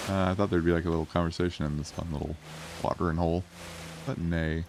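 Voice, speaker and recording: A man's voice: deep voice, steady tone, fast talker, noisy background. A man casually commenting on his gameplay with crude, self-amused jokes. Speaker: let's play streamer.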